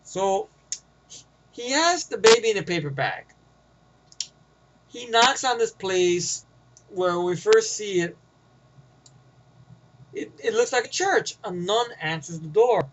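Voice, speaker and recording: A man's voice: high voice, animated, slow, pauses often, highs cut off, slight background noise. A man with a New York accent giving a rambling, profane, casual movie review, often getting sidetracked.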